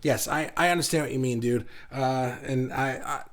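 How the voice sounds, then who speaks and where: A man's voice: medium pitch, steady tone, normal speed. A man hosting an online art group livestream, chatting casually and encouragingly as he reads viewer comments, often restarting his sentences. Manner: encouraging, talks in loose restarts and repeated words.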